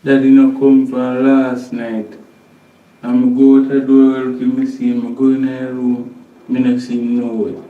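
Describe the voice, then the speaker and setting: Actor as Jamaican brother, monotone, matter-of-fact, tinny far-off sound. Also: male voice, mid-range voice, measured pace, natural voice. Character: young man, brother worried about missing father. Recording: echoey, distant, tinny sound.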